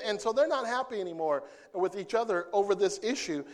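A man preaching a sermon, playful and animated, who acts out scenes and jokes with the congregation. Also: high voice, a little fast. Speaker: pastor.

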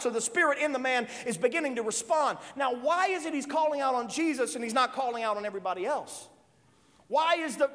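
A male preacher delivering an emphatic sermon in a folksy way, breaking into shouts at times. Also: extremely high pitch. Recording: long reverb of a large hall.

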